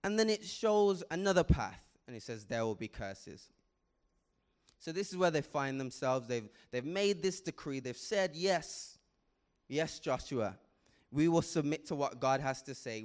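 A man preaching a sermon with impassioned delivery, building to loud emphatic peaks with frequent repetitions and restarts. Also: a little high, expressive, moderate pace.

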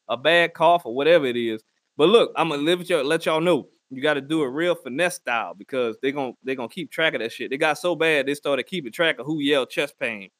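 A man's voice: a little high, a bit bright, no echo. A man on a crude comedic rant, bluntly giving mock advice to his listeners. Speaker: comedic ranter.

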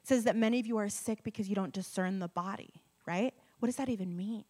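Woman preacher, lively storytelling sermon, drops to near-whispers for emphasis. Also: mid-range voice, quick pace. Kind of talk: sermon with testimony.

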